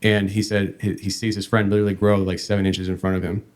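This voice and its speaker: Man, podcast host, lowish voice, halting rambling storytelling. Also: little pitch movement. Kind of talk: telling a paranormal story.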